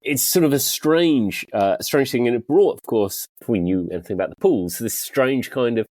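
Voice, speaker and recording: Chatty male host, laughs a lot, animated delivery, dry mic. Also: moderate pace, dry recording. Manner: chatty, laughs often, lively rises and drops in pitch. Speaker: podcast host. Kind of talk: casual chat.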